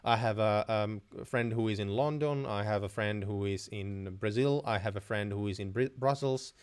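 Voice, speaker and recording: A man's voice: fairly low pitch, moderate pace, clean tone. Chatty young man hosting a live Q&A. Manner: chatty, many restarts and fillers. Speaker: host answering viewer questions. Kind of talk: live stream Q&A.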